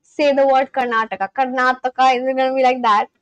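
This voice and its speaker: A woman's voice: high voice, steady tone, fast talker, clean tone, no room sound, highs cut off. Chatty woman. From India (Kolkata, West Bengal). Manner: chatty, repeats phrases aloud, then translates them. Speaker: streamer learning a language. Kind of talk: casual live-stream chat.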